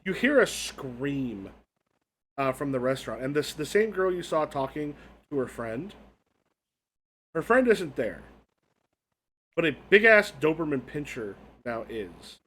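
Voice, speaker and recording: A man running a tabletop role-playing game as game master, narrating scenes in a lively, animated way. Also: a little slow, pauses often, slightly rough, poor audio. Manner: lively, breaks into squeaky character voices.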